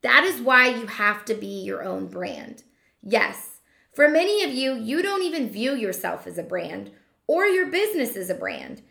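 Lively emphatic woman coaching hairdressers. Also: on the high side, vocal fry. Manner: emphatic, rhetorical questions, slows down to stress points. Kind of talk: motivational monologue to fellow hairdressers. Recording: echoey room.

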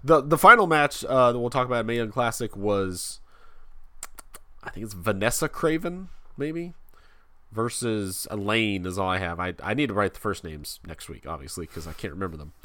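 A man hosting a casual wrestling podcast, rambling and halting with frequent restarts. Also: on the low side, lively intonation, sharp tone, no echo. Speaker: podcast host.

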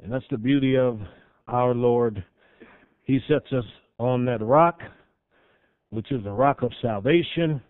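A man preaching a sermon as pastor, rising to loud emphatic peaks and dropping to soft, drawn-out lines. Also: mid-range voice, no echo. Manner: swells loud then drops soft, dramatic pauses. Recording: tinny phone-like sound.

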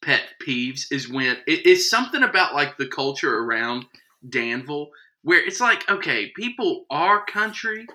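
A young man co-hosting a podcast, talking in animated, laughing casual chat. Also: a little high, normal speed. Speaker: podcast co-host.

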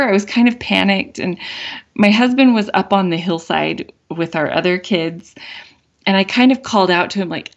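A middle-aged woman hosting a podcast, telling a dream story in a soft, reflective way, with many "like" fillers and light laughs. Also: medium pitch, normal speed, creaky. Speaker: podcast host. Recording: dull lo-fi audio with faint guitar.

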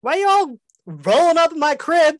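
Woman plays crude hoarding dragon, profane, belligerent, pitched way up. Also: very animated, moderate pace, no room sound. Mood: hostile. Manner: profane, aggressive street slang. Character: crude ugly male dragon hoarding in a den.

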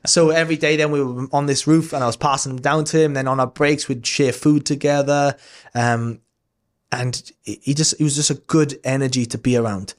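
A man's voice: medium pitch, steady tone, moderate pace. Earnest, rambling man in his thirties. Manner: earnest, rambling, with frequent restarts and mild swearing. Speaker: podcast guest telling a personal story. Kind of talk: casual storytelling.

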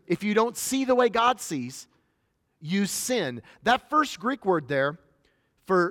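A man's voice: sits high, fairly bright tone, no room sound, clean studio sound, in a large hall. A middle-aged man preaching a sermon as a pastor, switching between conversational storytelling and emphatic points.

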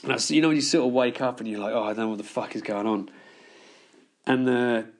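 A man's voice: mid-range voice, fast talker. A man telling long stories in casual podcast chat, swearing freely and laughing as he goes. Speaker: podcast guest.

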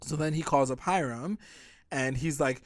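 A young man co-hosting a casual chat, retelling a TV episode quickly with lots of fillers and acted-out quotes. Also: a little high, dry recording. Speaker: podcast co-host recapping a TV episode.

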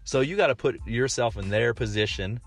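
A man's voice: mid-range voice, moderate pace, soft background music. Rambling, blunt man talking casually. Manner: rambling, frequent fillers and restarts, blunt with swearing. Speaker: podcast host. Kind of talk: casual monologue.

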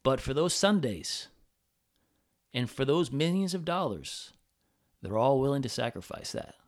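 A man's voice: mid-range voice, sing-song, unhurried. A man hosting a podcast, talking in a rambling, profane casual monologue with many restarts. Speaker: podcast host.

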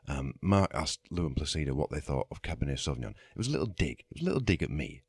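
A man's voice: extremely low pitch, very animated, fast, hardly any pauses, husky, no echo. A middle-aged man, ranting sweary and mock-outraged as a podcast host. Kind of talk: comic monologue rant.

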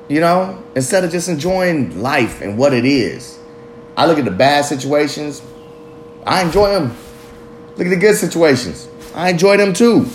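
A man hosts his own casual solo podcast, musing loosely in street slang full of swearing and rambling asides. His voice is mid-range, with slight background noise behind it.

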